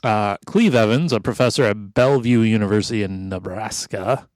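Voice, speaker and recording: A man's voice: lowish voice, moderate pace, a little mellow, no echo. A man co-hosting a casual podcast. He talks wryly and swears a lot, and he reads out research notes. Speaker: podcast co-host.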